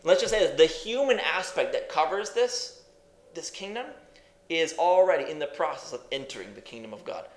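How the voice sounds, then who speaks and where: A man's voice: fairly high pitch, animated, moderate pace, echoey room. A male preacher teaching a sermon in an emphatic way, asking questions and repeating phrases.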